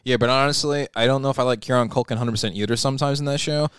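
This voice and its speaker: A man's voice: medium pitch, steady tone, very fast, fairly bright tone, clean tone, no room sound, clean studio sound. A young man co-hosting a podcast, opinionated and swearing casually as he talks. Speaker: podcast co-host.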